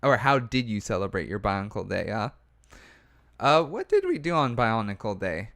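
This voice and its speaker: A man co-hosting a casual livestream, relaxed, reading out viewer messages with dry humor. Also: on the low side, normal speed. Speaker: co-host reading chat.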